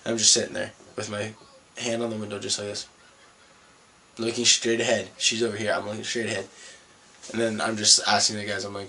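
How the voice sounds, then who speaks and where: A man's voice: on the low side, flat delivery, fairly quick, long pauses, pushed and bright, a little hiss or hum. A young man from Canada vlogging, telling a rambling, profane story in a laid-back way. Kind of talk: casual storytelling vlog.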